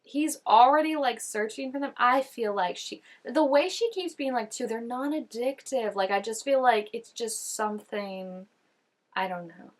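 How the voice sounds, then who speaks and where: A woman's voice: on the high side, normal speed. Young female reaction host; loose, thinking-aloud chatter, filler-heavy. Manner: chatty, musing, heavy on "like" and "I don't know". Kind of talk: casual reaction commentary.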